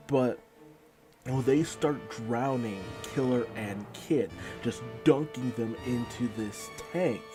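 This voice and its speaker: A man casually recapping and reviewing a manga chapter in a loose, rambling storytelling manner. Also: mid-range voice.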